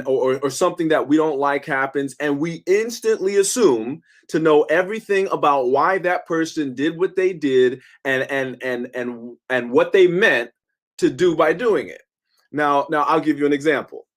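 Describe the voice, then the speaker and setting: A man who is a professor giving a lecture in an emphatic, conversational manner, often checking in with his listeners. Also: on the high side.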